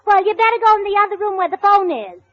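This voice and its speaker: A woman's voice: very high voice, expressive, fast. A woman comedian doing scatterbrained, cheerful scripted radio comedy on a 1940 broadcast. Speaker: comedian and show co-host. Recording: dull, faintly noisy 1940 radio broadcast.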